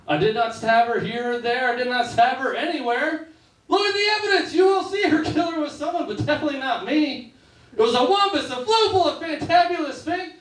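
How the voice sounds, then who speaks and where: A man voicing a frantic defendant who pleads his innocence in singsong rhymes, shouting much of it. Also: very high voice, recorded from a distance, pitched above the performer's own voice. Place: comedy club stage. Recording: echoey club room, slightly off-mic.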